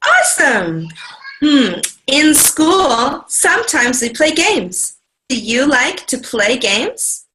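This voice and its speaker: An American woman teaching English online to a young child, talking slowly and over-enunciating in a sing-song way. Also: high-pitched, very animated, sharp tone, a little hiss or hum. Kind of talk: slow exaggerated talk to a young learner.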